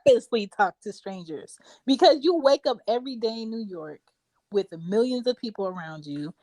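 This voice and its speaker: A woman's voice: on the high side, expressive, a little fast, darkish tone, dry recording. A woman hosting a casual podcast chat, talking emphatically and telling stories. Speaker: podcast host.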